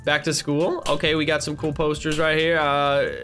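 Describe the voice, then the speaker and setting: A man hosting a gaming channel, giving excitable, playful gameplay commentary with lots of giggling and teasing. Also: fairly high pitch, normal speed, faint music behind.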